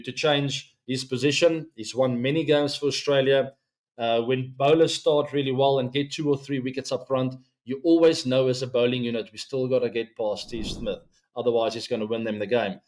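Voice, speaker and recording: A middle-aged man hosts a cricket news show. He talks straight to his viewers in a loose, chatty way, dropping in plenty of ums. His voice sits in an ordinary middle pitch. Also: a little mellow. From South Africa. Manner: chatty, direct address to viewers, frequent ums. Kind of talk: casual solo commentary to camera.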